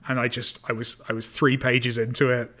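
A man's voice: mid-range voice, level tone, a little fast, pushed and bright. A man co-hosting a podcast in casual chat, joking and self-deprecating. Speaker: podcast co-host.

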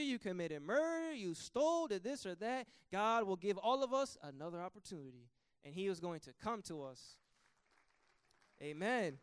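A man preaching a sermon with an impassioned delivery that swells to loud, emphatic peaks. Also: sits high, clean tone, dry recording, studio quality.

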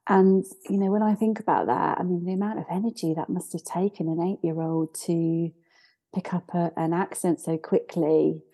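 A woman's voice: on the low side, steady tone, normal speed, warm tone. A woman in her forties, raised in Scotland, speaking earnestly as a podcast guest, hesitant with frequent restarts. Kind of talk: reflective interview talk.

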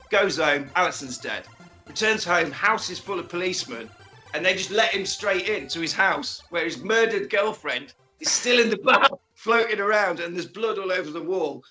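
A man co-hosting a podcast, recapping a film in casual chat with animated, joking retelling and acted-out quotes. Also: high-pitched, moderate pace, faint music behind. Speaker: podcast co-host.

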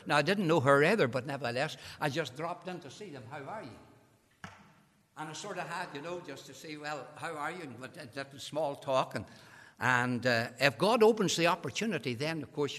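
Impassioned preacher, man. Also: mid-range voice. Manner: impassioned, building to shouted climaxes. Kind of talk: evangelistic sermon. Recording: long hall reverb.

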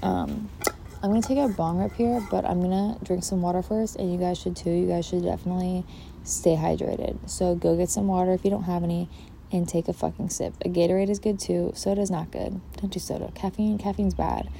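Young woman host, low and gravelly, mellow; rambling casual podcast chat with a faint outdoor hum behind. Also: steady tone, a little fast. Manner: rambling, casual, swears freely, filler-heavy. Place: outdoors in a backyard. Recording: faint outdoor background noise. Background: outdoor ambience.

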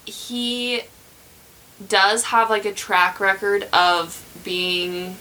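Unhurried young woman telling a crime story. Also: mid-range voice, sharp tone, poor audio. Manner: rambling, many fillers and restarts. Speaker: podcast host telling a true crime story. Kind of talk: casual true crime chat.

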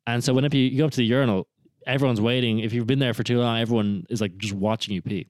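A man's voice: medium pitch, steady tone, racing, darkish tone, no room sound. A young man co-hosting a podcast, telling rambling stories with frequent restarts. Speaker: podcast co-host. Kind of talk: casual chat.

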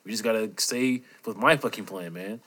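A young man co-hosting a casual podcast. He is excitable and laughs often while retelling funny videos. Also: on the low side, normal speed. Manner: excitable, laughing, acts out shouted quotes. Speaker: podcast co-host. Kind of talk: casual chat.

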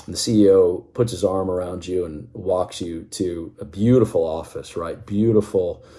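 A man with a very low, dark and mellow voice tells a dramatic story in the second person. He pulls the listener into the scene as "you". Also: fairly even intonation, moderate pace.

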